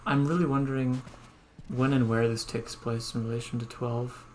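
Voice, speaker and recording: Male streamer, casual rambling game commentary, average pitch, faint noise. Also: little pitch movement, normal speed. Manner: chatty, muses aloud, laughs at himself.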